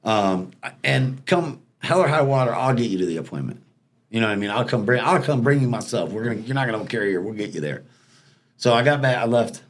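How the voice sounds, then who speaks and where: A man casually telling stories as a podcast guest, acting out the people in them. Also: medium pitch. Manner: fast, animated storyteller acting out quoted people. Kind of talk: casual storytelling.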